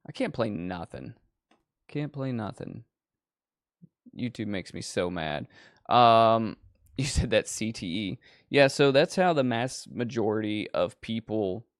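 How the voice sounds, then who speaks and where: A man's voice: fairly low pitch, clear, resonant tone, no room sound, studio quality. A man hosting a horror movie show, chatting casually with profane, digressive storytelling. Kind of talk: casual rambling chat.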